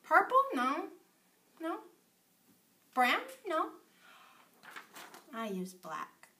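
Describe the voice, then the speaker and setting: A woman teaching preschool circle time, talking slowly in an exaggerated sing-song way and dropping to whispers for effect. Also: sits high, very animated, sharp tone, slight background noise. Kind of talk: circle time lesson for young children.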